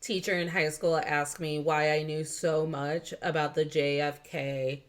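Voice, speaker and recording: A woman's voice: deep voice, measured pace, heavy background noise. A young adult woman hosting a podcast, chatting casually and telling stories with lots of laughter and acted-out quotes. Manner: animated storyteller, acts out quotes, laughs often. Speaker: podcast host. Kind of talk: casual chat.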